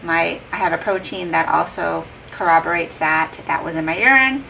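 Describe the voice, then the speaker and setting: A woman's voice: lowish voice, normal speed, vocal fry, pushed and bright. A heavily pregnant young woman chatting casually to her vlog camera at home, retelling a conversation with lots of "like" and quoted dialogue. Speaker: vlogger. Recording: distant mic with faint background noise.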